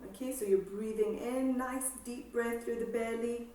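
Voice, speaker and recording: A woman exercise instructor calmly guiding a seated breathing class, with slow breath cues and counting. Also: on the high side. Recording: echoey room, voice from far off.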